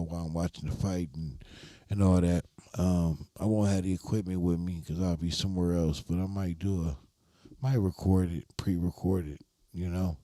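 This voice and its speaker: A man's voice: low voice, warm tone, dry recording. A man chatting casually on a live stream, laid-back and rambling, with frequent swearing.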